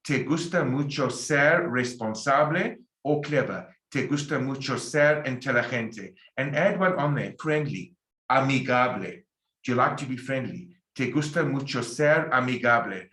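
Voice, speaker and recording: A man teaching a Spanish lecture, drilling example sentences slowly and emphatically. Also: mid-range voice, bright, forceful tone. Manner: slow, emphatic drilling with repeated example phrases. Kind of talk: recorded language lecture. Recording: echoey room.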